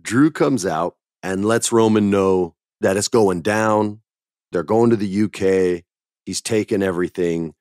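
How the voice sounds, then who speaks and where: A middle-aged man with a low, deep voice hosts a casual podcast chat. He tells stories with animated, emphatic delivery. The recording is dry and close. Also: a little slow, no room sound. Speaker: podcast host.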